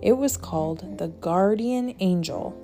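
A woman narrating a children's audiobook in a gentle, measured storytelling manner. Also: mid-range voice, expressive, soft background music. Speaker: audiobook reader.

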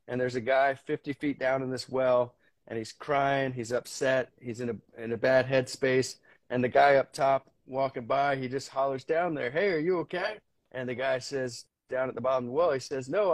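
A man's voice: mid-range voice, dry recording. A man as a podcast guest, talking candidly with frequent restarts, casual swearing and earnest storytelling. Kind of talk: candid conversation.

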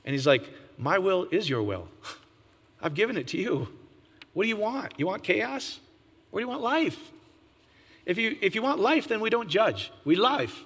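A man preaching an informal sermon, animated, often jumping to a high, excited pitch and asking his listeners questions. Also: long reverb tail. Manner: animated, jumps to high excited pitch, laughs, asks the audience.

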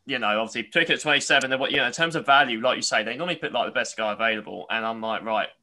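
A man hosting a casual sports podcast, halting and restarting his sentences often. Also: mid-range voice, sharp tone. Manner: halting, restarts with repeated "I mean". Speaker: podcast host.

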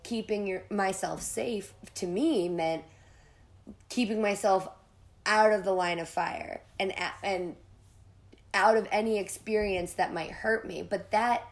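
A woman's voice: mid-range voice, measured pace. A woman hosting a podcast, telling a personal story in a candid, casual way, swearing freely and acting out her own panic in quoted lines. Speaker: podcast host.

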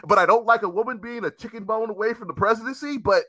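A man hosting a casual chat, ranting in an animated, profane, emphatic way. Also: high-pitched, quick pace, noisy background.

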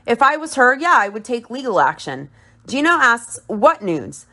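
Woman host for a casual recap podcast, a bit high-pitched, blunt and opinionated. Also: big pitch swings, moderate pace, pushed and bright. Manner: blunt, opinionated, swears freely.

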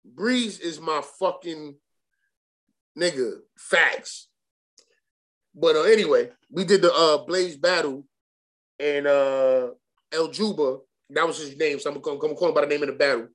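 A man's voice: on the high side, a little slow. A young man, telling a rambling, profane story as a guest in a casual interview, full of restarts and slang. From Brooklyn, New York. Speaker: guest rapper.

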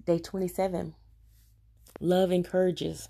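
A woman's voice: medium pitch, steady tone, a little slow, gravelly, long pauses, warm tone. Earnest woman giving a confessional devotional talk. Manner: earnest, preachy, direct address to viewers. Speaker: Christian vlogger sharing her faith journey.

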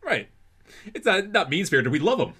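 A man's voice: high voice, big pitch swings, fairly quick, bright, forceful tone, slightly rough. A young man co-hosting a podcast, chatting casually and chuckling, with hesitant restarts as he recaps a sitcom episode. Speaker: podcast co-host.

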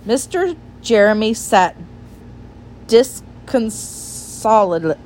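A woman reading a children's storybook aloud in a gentle, unhurried storytelling manner. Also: fairly high pitch, very animated, slight background noise.

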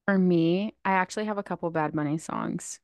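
Animated woman podcast co-host. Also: lowish voice, fairly quick, no room sound, studio quality. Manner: animated storyteller, laughs, heavy use of "like". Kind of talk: casual chat.

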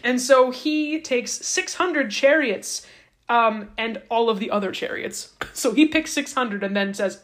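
A woman's voice: fairly high pitch, unhurried. Playful woman retelling a story. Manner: playful, joking, slangy asides. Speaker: podcast host. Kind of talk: casual retelling of a Bible story.

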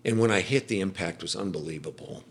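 A middle-aged man, a podcast guest, giving a personal faith testimony in casual conversation, telling it as an animated storyteller. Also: low voice, fast, creaky, slight background noise. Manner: animated storyteller, acts out quoted speech.

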